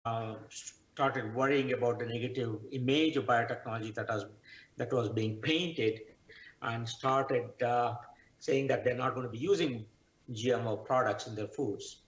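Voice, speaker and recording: A middle-aged man, a guest scientist, answers interview questions in a measured, explanatory way, pausing often with "uh". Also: mid-range voice, steady tone. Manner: measured, explanatory, with frequent "uh" pauses. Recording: roomy, dull remote audio.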